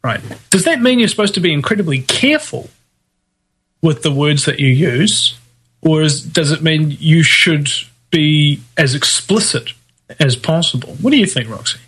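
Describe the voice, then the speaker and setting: A New Zealand man talking in a casual podcast chat, his voice a little husky and notably bright. He strings out playful, mock-formal phrasing and sits somewhat high for a man. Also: expressive, moderate pace.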